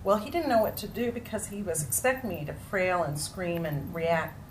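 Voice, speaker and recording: A woman leading a group, telling a story with animated bursts and acted-out shouts. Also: lowish voice, normal speed. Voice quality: animated, acts out moments with sudden loud cries. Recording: noisy room ambience.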